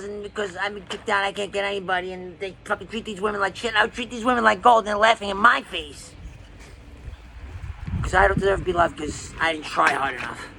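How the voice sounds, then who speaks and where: Gravelly high-voiced man, rambling. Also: fast talker, sharp tone, slight background noise. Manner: rambling and emotionally distressed; profane. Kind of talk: raw personal monologue.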